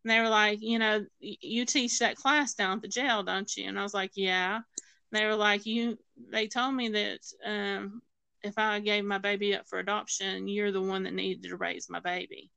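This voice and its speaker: A woman tells a personal story with plenty of ums and restarts, dropping into the voices of the people she quotes. Her voice is bright, smooth and gravelly. The recording is close and dry. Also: medium pitch, fairly even intonation, moderate pace, no room sound, low-quality recording. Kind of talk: personal testimony in conversation.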